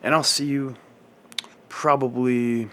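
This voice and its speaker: A man telling a story to camera in casual vlog style, rambling and scatterbrained, swearing often and speaking in a self-described monotone. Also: mid-range voice, slow. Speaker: fitness vlogger.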